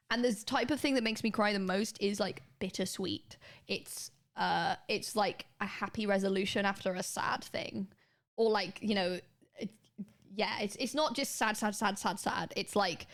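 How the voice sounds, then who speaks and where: Chatty young woman streamer. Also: mid-range voice. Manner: rambling, restarts sentences, quick laughs. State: slightly sore throat. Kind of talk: casual chat with viewers.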